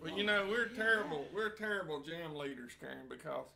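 A man chats between tunes in a relaxed, joking way. His voice sits a little high and has a gravelly edge. He is heard over a video call, with instruments playing behind him. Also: over music. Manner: folksy, joking, unhurried. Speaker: fiddler leading an online jam. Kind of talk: casual chat between tunes.

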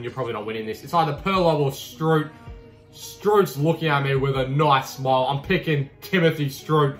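A young man commenting on his own football video game matches, cheeky and swearing, his voice leaping high when he scores. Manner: cheeky, swears, bursts into high shouting over goals. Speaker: gaming YouTuber. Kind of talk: excitable gameplay commentary. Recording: roomy echo with faint music.

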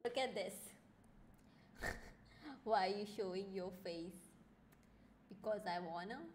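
A young woman streaming a game, chatting excitably and reading lines aloud. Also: medium pitch, slow, slight background noise. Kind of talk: live game commentary.

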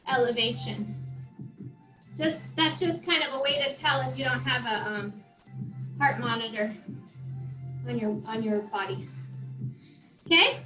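A woman fitness instructor leads a workout class, breathless as she exercises alongside it, counting down reps and encouraging everyone. Her voice is high-pitched, the recording rough and echoey, with faint music behind.

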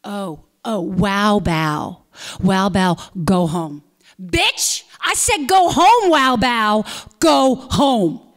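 A woman storyteller acting out a young man who yells taunts across a lobby, shouting them in a high, strained voice. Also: lively intonation, drawn-out words. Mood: taunting.

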